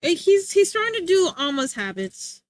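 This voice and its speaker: A young woman streamer in casual chat, slangy and animated with lots of filler words, talking into a desk mic. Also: very high voice, moderate pace, no echo.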